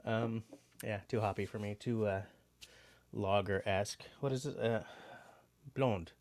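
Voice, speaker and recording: A man with a fairly low voice chats through a relaxed livestream, rambling and filling pauses with ums. The sound is dry and close, with hardly any room around him. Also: dry recording. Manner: rambling and chatty with many fillers. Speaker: livestream host. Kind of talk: casual livestream chat.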